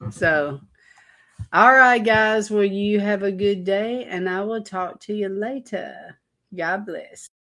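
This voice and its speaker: Woman preaching to folks online, slow and earnest, rambles thru her story, medium voice. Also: medium pitch, pushed and bright. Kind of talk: informal sermon to an online audience.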